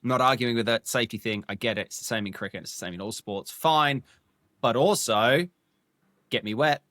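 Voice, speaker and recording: An excitable male podcast co-host in casual chat, with a jokey, lively banter manner. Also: medium pitch, brisk, no room sound, clean studio sound.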